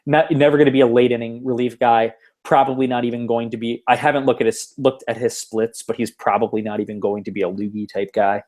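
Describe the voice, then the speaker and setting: A man's voice: mid-range voice, level tone, quick pace, hardly any pauses, darkish tone. A man hosting a casual sports podcast over an online call, rambling with fillers and restarts. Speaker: podcast host. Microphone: home computer mic over an online call.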